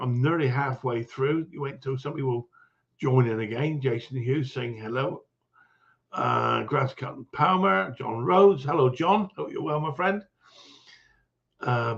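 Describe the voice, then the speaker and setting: A man's voice: mid-range voice, gravelly, fairly bright tone, highs cut off. A man hosting a casual livestream chat, greeting viewers one by one with frequent chuckles. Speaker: livestream host.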